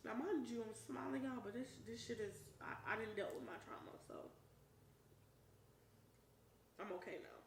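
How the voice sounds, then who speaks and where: A young adult woman telling a personal story to camera, emphatic and profane, with loud shouted quotes. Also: a little high, normal speed, vocal fry, long pauses. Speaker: vlogger. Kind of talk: storytime while eating on camera. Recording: roomy echo, voice a bit far from the mic, faint noise.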